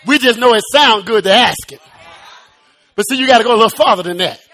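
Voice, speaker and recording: Man preaching a sermon with a high, bright voice. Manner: builds from slow and quiet to loud, rising, shouted preaching; repeats words in quick restarts.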